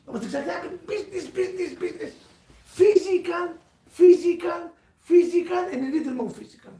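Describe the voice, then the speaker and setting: Man, high voice, livestream sermon, preachy and repetitive, echoey room, mic set back. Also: a little fast, distant mic. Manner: animated, preachy, repetitive, calls out to listeners. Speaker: religious speaker.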